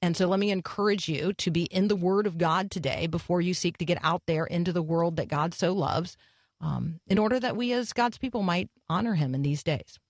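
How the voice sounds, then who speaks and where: A woman hosts a morning radio program, reflecting earnestly and pausing with small fillers as she talks. Her voice sits on the low side and sounds close and dry, with no room around it. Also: no room sound. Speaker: radio host. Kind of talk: devotional radio talk.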